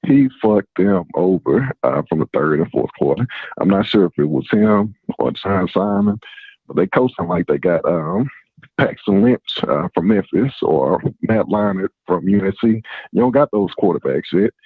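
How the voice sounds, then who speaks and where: A low, gravelly man phones in to a sports show with a blunt, profane rant full of fillers. His husky voice comes through a thin, tinny phone line. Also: lively intonation, moderate pace, dry recording. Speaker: caller. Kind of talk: phone-in call.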